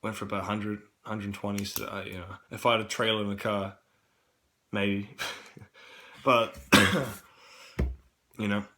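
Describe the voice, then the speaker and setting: A young man with a New Zealand accent tells a rambling vlog story, full of fillers and swearing. His voice sits a little low but sounds bright and forceful. A cold leaves him coughing now and then. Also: level tone, measured pace, pauses often, slight background noise. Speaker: camp worker vlogging. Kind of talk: casual rambling vlog monologue.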